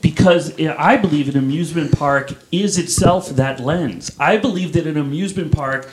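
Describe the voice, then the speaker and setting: A man's voice: fairly high pitch, normal speed, noisy background. A man moderating a casual panel debate, riffing at length in a wry, cynical way.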